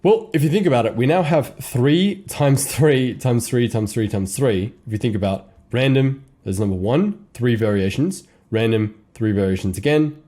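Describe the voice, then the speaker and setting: A young man coaching on copywriting in a casual, animated way, with slang and short laughs between points. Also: mid-range voice, moderate pace, hardly any pauses. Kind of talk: casual teaching monologue.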